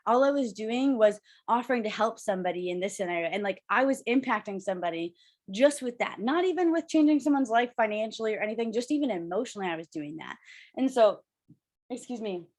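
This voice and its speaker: A woman's voice: fairly high pitch, animated. A young woman co-hosting a casual chat over a video call, bubbly and rambling, with lots of "like.". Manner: fast, bubbly, rambling with many "like"s. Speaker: podcast co-host.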